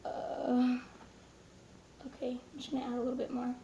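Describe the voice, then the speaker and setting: Young female vlogger, high and mellow, nervous chatter, roomy echo. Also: completely flat delivery, moderate pace. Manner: chatty, nervous, drops into whispers. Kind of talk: casual slime-making vlog. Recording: echoey room with faint noise.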